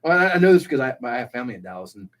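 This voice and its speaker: A man's voice: medium pitch, very animated, background noise. A man from Texas with no drawl, co-hosting a casual beer chat in a rambling way with lots of fillers. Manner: rapid, rambling with many fillers. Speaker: co-host.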